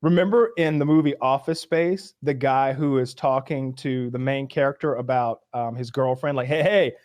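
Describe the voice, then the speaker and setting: A man hosting a podcast who tells a story in an animated, ranting way and swears often. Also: mid-range voice, normal speed, no echo, clean studio sound. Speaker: podcast host. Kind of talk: casual storytelling chat.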